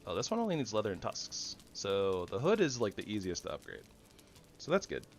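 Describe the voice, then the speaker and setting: A man giving goofy, rambling commentary over his own gameplay, jumping between loud excitement and soft mumbling. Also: on the low side, a little fast. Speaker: gaming channel host.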